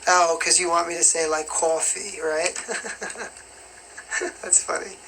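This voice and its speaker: Chatty young New York man, bright voice. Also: fairly high pitch, takes it slowly, creaky, slight background noise, poor audio. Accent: light New York. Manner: chatty and rambling, with constant "you know what I mean". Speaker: livestream host answering viewer questions. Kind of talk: casual live Q&A chat.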